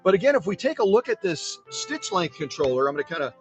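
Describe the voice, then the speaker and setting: A middle-aged man casually demonstrating a machine to camera in his workshop, chatty and self-deprecating, slowly spelling words out. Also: high-pitched, very animated, music in the background. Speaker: sewing machine restorer.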